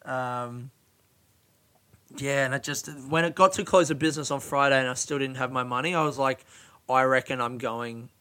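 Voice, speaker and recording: A man's voice: mid-range voice, moderate pace, sharp tone, clear, resonant tone. A young Australian man telling a rambling, sweary comic story about waiting for money.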